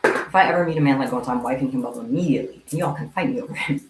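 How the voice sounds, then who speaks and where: Racing along in a very deep voice, a young streamer chats casually while crafting kandi bracelets in a room at home and meows at her cat. There's background noise, and the room sounds echoey with faint ambience.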